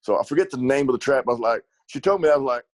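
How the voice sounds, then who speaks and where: A man's voice: mid-range voice, expressive, very fast, a little hiss or hum, poor audio. A middle-aged man, an ATV racer, telling rambling stories in a casual interview, laughing often and repeating words. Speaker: ATV racer and riding school coach.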